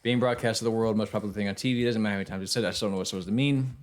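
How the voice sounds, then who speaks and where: A man streaming a video game, reacting loudly, swearing, laughing and chatting with viewers. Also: on the low side, steady tone, rapid-fire. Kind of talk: casual gaming stream commentary.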